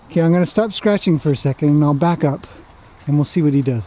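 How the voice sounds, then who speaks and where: A man's voice: a little high, fast talker, warm tone, lo-fi sound, slight background noise. Chatty man talking to his horses. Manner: chatty, talks fondly to the horses. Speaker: horse trainer. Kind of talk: casual commentary while working horses. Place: outdoors in a horse pen.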